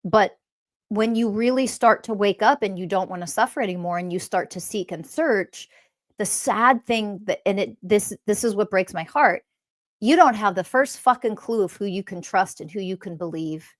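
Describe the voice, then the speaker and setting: A woman's voice: medium pitch, moderate pace. A woman speaking as a spiritual teacher in a blunt, scolding monologue, swearing often. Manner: mocks others in quoted voices.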